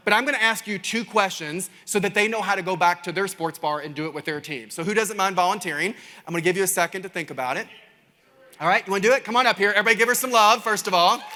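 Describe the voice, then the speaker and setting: A man with a Kentucky Southern accent giving an animated keynote talk, telling stories to a crowd and calling them y'all. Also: high-pitched. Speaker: keynote speaker. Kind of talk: energetic keynote storytelling. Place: large conference stage. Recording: reverberant conference hall.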